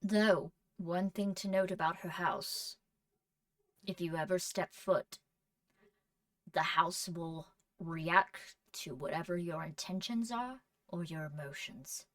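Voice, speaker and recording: A woman running a tabletop role-play as game master, narrating scenes in a measured, descriptive way. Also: lowish voice, no room sound, recorded from a distance.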